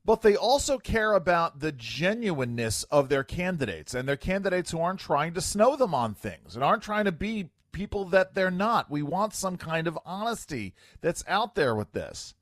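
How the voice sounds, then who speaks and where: A man hosting talk radio, his pitch swinging widely as he riffs on clips with a wry edge. The studio sound is dry and close. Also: normal speed, hardly any pauses, no room sound. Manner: wry, animated, filler-heavy. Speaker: radio talk show host. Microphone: studio microphone.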